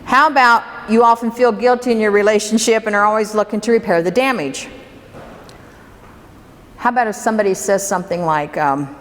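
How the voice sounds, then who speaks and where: In a reverberant hall with faint room noise, a woman runs a workshop for a live audience, speaking conversationally and asking the room questions. Her voice is slightly high and animated, and she talks fairly quickly.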